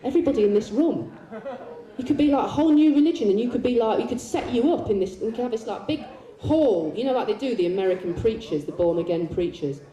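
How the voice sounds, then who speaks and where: A woman's voice: fairly high pitch, expressive, fast, mellow, recorded from a distance, dull audio. A woman performing a live stage monologue and a poetry reading, teasing the audience with playful banter. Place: large concert hall, live show. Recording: echoey hall recording.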